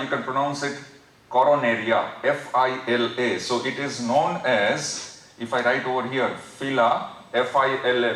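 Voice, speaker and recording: A man with an Indian English accent giving an anatomy lecture, explaining slowly and repeating terms as he draws. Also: medium pitch, fairly bright tone. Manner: slow, repetitive explaining while drawing. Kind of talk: recorded medical lecture. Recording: roomy, distant mic.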